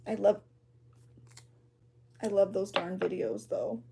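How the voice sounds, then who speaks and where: A woman's voice: mid-range voice, steady tone, slow pace, vocal fry, background noise. A woman chatting casually on a livestream while she crafts, reading viewer comments aloud and reacting with gasps and exclamations. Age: adult with a child. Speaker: junk journal creator hosting a livestream.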